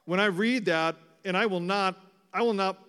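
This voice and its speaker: Middle-aged pastor guy preaching, slightly high voice, gets loud then goes real quiet, big echo hall. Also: moderate pace, smooth. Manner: dynamic preaching, swings between loud proclamation and hushed intimacy. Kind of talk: sermon. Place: church sanctuary. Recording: long hall reverb.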